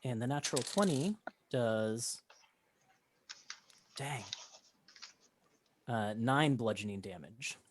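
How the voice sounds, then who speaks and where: A man running a tabletop game as game master, narrating in a relaxed way with lots of fillers. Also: medium pitch, slow pace, pauses often, a little hiss or hum.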